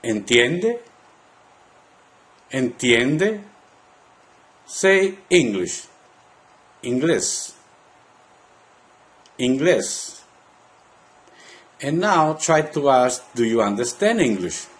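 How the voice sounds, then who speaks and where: A man teaching a language lesson, saying words slowly and part by part for the listener to repeat. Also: medium pitch, very animated. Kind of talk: slow, deliberate language lesson.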